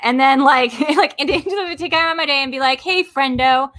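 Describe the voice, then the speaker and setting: A woman's voice: sits high, a bit bright. A woman hosting a show over a video call, chatting in a playful, teasing way. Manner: playful, teasing, quick to laugh. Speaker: show host. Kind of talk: casual chat.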